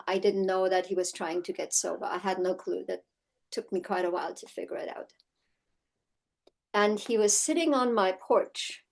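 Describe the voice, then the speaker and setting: A woman's voice: medium pitch, low-quality recording. A woman from Germany teaching a horsemanship course, mixing personal stories into the lesson and often checking in with "right?". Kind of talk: teaching session with personal storytelling.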